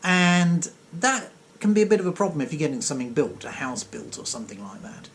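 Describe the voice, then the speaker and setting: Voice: medium pitch, sing-song, a little fast, a little hiss or hum. A comic storyteller giving a sarcastic, digressive rant monologue.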